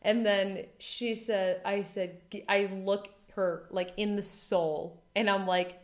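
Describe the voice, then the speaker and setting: A woman in her thirties telling a dramatic personal story in casual chat, animated and full of fillers. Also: medium pitch, slow pace. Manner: animated, dramatic retelling with lots of "like". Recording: echoey room.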